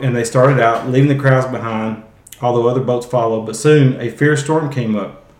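A man's voice: medium pitch, darkish tone, reverberant. A man hosting a casual Bible teaching podcast, talking conversationally and often restarting his phrases. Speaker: podcast host.

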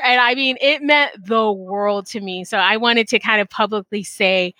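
A woman hosting a podcast in casual chat, animated and full of fillers, acting out her own quotes, speaking into a headset mic. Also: mid-range voice, moderate pace, few pauses, no echo. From Texas. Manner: chatty, animated, many fillers and acted-out quotes. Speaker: podcast host. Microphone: call center headset.

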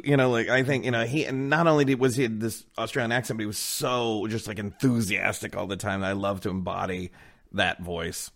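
Gravelly man, chatty guest. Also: mid-range voice, brisk, a bit bright. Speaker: podcast guest. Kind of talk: casual podcast chat.

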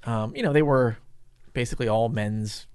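A man's voice: medium pitch, normal speed, darkish tone, clear, resonant tone, dry recording. A middle-aged man telling a rambling, casual story in an interview, swearing freely and acting out the voices of the people in it. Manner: rambling, profane, acts out quoted people. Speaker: guest.

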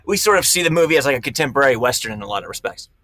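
Male director, fast and emphatic, bright tone, dry close sound. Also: medium pitch, lively intonation, no room sound. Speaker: film director. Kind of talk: casual interview storytelling.

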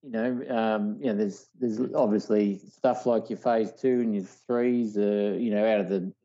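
A man's voice: on the low side, steady tone, unhurried, mellow, highs cut off. A man with an Australian accent co-hosting a casual car podcast, rambling with lots of "you know". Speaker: co-host.

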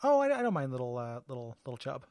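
A man's voice: mid-range voice, sing-song, fast, a little mellow, dry recording. A man co-hosting a podcast in casual chat, hesitant and full of fillers, laughing easily. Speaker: podcast co-host.

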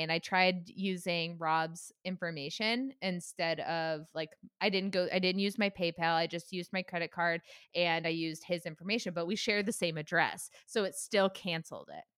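Bright-voiced young woman telling a story. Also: lowish voice, moderate pace, few pauses, smooth, dry recording, studio quality. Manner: animated retelling with acted quotes, swears, laughs often. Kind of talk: casual chat, storytelling.

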